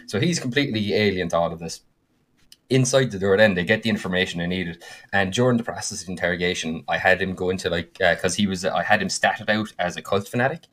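A man, co-hosting a podcast and telling the story of a game he ran in an animated, filler-heavy way. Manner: animated, with frequent fillers and quick bursts of higher pitch. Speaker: podcast co-host and game master. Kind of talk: casual storytelling chat.

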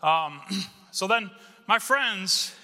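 Man, pastor, high voice, animated storytelling sermon, church hall reverb. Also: drawn-out words. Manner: animated, conversational, acts out quotes. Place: church sanctuary.

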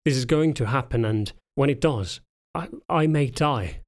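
A man reading the lines of a frightened young pregnant anthro woman in an audiobook, speaking softly and hesitantly. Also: mid-range voice, moderate pace, close to an everyday voice. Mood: fearful, subdued. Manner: soft, trembling, hesitant.

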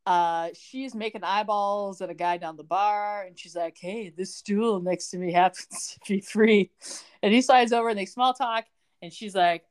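A woman's voice: medium pitch, normal speed. A young woman co-hosting a podcast, retelling a TV episode in casual chat and acting out the characters' lines as she goes. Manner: animated, jokey, acts out the characters' lines while retelling. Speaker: podcast co-host recapping a TV episode.

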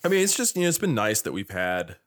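A man's voice: fairly low pitch, very animated, quick pace, fairly bright tone. A man co-hosting a podcast, telling stories in a rambling, casual way and swearing freely. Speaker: podcast co-host.

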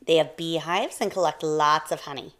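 A woman voicing a tiny, excitable female mouse with a squeaky, eager way of talking. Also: normal speed. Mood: pleading. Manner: squeaky, breathless, pleading.

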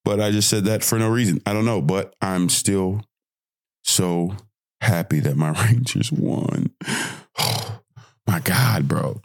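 A young man with a hoarse voice, hosting a casual solo podcast, bursting into excited shouts and dropping back into calm reflection. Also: low voice, slow pace, long pauses, no room sound, clean studio sound. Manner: excitable, swings from hyped shouting to quiet reflection. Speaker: podcast host.

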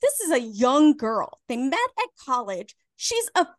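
A woman's voice: sits high, very animated, unhurried, dry recording, studio quality. A woman co-hosting a casual drunk movie-review podcast, blunt and wry, teasing her co-host.

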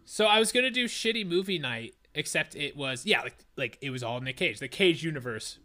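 A man in his twenties co-hosting a casual podcast, loud and excitable, ranting and joking at himself. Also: a little high, a little fast. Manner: loud, excitable, self-mocking rants. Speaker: podcast co-host.

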